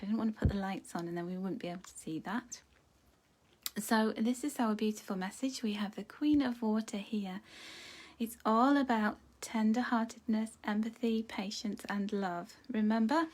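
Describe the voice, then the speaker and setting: A woman giving a live oracle card reading in a dim room, talking in an earnest, emotional way that often sinks to a near whisper. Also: fairly high pitch. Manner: soft, intimate, often dropping to a near whisper. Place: dim room lit by a starlight projector.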